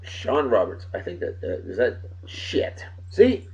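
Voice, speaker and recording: A man hosting a daily beer and song show in a rowdy, casual way, loud and excitable, swearing and joking, swinging from shouting to muttering. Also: on the low side, slow pace, muffled recording.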